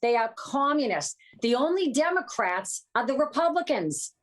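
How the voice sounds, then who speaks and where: A woman's voice: sits high, very animated, moderate pace. A woman guest on a political talk show, talking emphatically and repeating her points.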